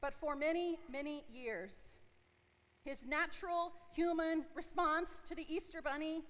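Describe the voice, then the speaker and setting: High-voiced woman pastor preaching. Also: measured pace, a bit bright. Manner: conversational, asks the congregation questions. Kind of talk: sermon. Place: church sanctuary. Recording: long hall reverb from a church.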